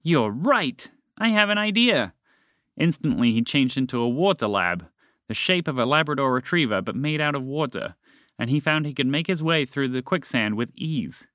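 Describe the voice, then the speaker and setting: Male storyteller, bright tone, dry recording, gentle children's-story read. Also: animated, normal speed, no room sound. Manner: gentle storybook reading, raising his pitch for characters' lines.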